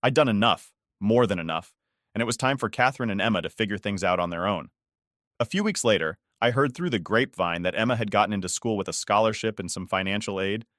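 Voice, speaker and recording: Low-voiced man narrating a story. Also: expressive, fast talker, fairly bright tone, dry recording, studio quality. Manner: weary, resentful. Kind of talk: first-person story narration.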